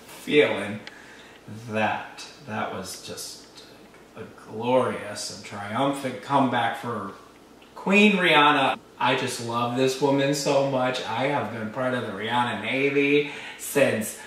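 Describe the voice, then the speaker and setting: A man's voice: mid-range voice, slow pace, a bit bright, slight background noise. A man hosting a music reaction video, gushing and exclaiming with emotion as he reacts. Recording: echoey room from a distance with faint ambience.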